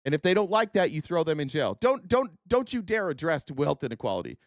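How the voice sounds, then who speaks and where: A man streaming unscripted political commentary, sarcastic and profane, swinging from low muttering to heated outbursts. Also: big pitch swings, a little fast, no echo, clean studio sound.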